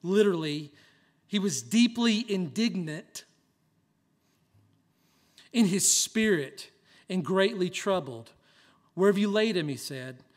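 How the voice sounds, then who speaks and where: A male pastor delivers a sermon with a raised, fairly high voice. He speaks slowly and earnestly. His volume swings from near-hushed passages to loud, emphatic lines. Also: expressive.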